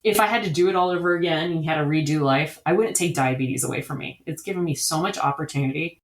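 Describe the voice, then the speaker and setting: A woman's voice: sits low, quick pace. A woman guest in an interview, an eager and talkative storyteller. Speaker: diabetes camp director, guest. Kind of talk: conversational interview. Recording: echoey room.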